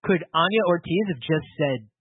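A man's voice: a little high, animated, normal speed, husky, no room sound. A man co-hosting a podcast, reacting to a film with emphatic, sweary enthusiasm. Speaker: podcast co-host. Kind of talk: casual film discussion. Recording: dry tinny phone-like sound.

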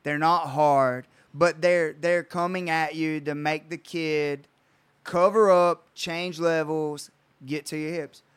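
A man's voice: a little high, steady tone, slow pace, clear, resonant tone. A man who coaches jiu-jitsu, talking in a laid-back way and chiming in to finish the story. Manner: laid-back, chimes in and finishes others' stories. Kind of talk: casual chat.

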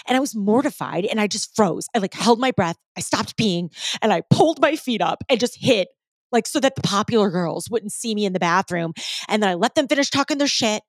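Animated, salty keynote storyteller woman. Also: medium pitch, no echo, studio quality. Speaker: keynote speaker. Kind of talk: storytelling talk.

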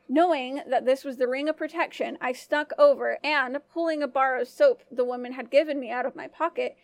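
A woman storyteller giving scripted first-person narration of a folk tale in an even, clear manner. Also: high voice, no echo.

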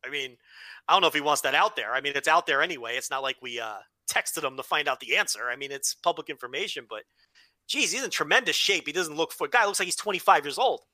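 Animated American man, bright voice. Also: fairly high pitch, fast, no room sound. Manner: animated, many restarts, swears freely. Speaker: podcast co-host. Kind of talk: casual chat.

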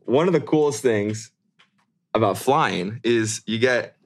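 A man's voice: medium pitch, lively intonation, unhurried. A man in his thirties, a podcast co-host and airline pilot, talking in a laid-back, rambling way and laughing often. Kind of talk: casual chat.

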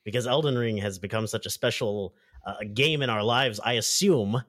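A man with a voice of ordinary pitch chats as a guest on a gaming podcast. He talks in a playful, joking way and reads his introduction with a teasing flourish. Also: normal speed, a bit bright. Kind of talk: casual podcast chat.

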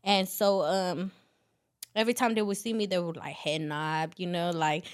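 A woman's voice: fairly low pitch, steady tone, moderate pace. A woman guest on a podcast, chatting casually as she tells a long story full of fillers and swearing.

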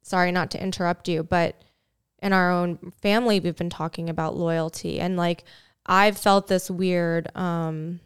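Woman, podcast co-host, lowish voice, very smooth, hesitant, rambling questions. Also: fairly even intonation, unhurried, no echo, studio quality. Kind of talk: casual conversation.

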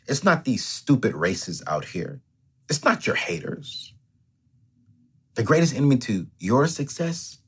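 Emphatic, animated man giving a pep talk. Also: lowish voice, slightly rough. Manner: emphatic, preacher-like, slips into self-talk. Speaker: host. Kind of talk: motivational talk.

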